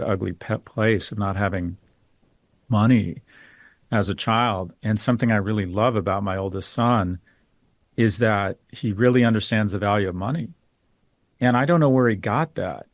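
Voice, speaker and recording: A man's voice: on the low side, dry recording, clean studio sound. A middle-aged man, a guest on a podcast interview, speaking in a candid, opinionated way and telling stories. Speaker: guest financial expert.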